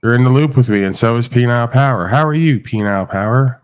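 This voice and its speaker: A man's voice: mid-range voice, fast, smooth. Male panel host, casual rambling talker, online call. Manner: rambling, repeats "right?" often. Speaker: podcast host. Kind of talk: casual rant to panel guests. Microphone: video call.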